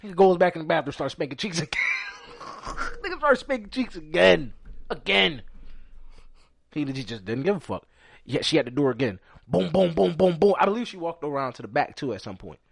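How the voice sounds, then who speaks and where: Animated, gravelly-voiced man telling a story. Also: on the high side, brisk, dry recording, studio quality. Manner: animated, profane, acts out quotes loudly. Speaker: podcast host. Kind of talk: casual storytelling chat.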